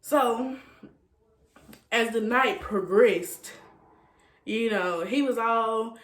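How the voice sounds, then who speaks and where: Brief: slow, drawling woman storyteller, lively and laughing, in an echoey room. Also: on the high side. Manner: animated, laughing, repeats phrases for effect. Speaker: storytime vlogger. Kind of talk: casual storytelling.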